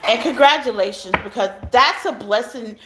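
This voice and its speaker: A woman with a high voice reads tarot live, chatting directly to her viewers. She speaks in a relaxed, talkative way. The sound bounces around an echoey room. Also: normal speed, noisy background. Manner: chatty, talks straight to viewers as y'all. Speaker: tarot reader.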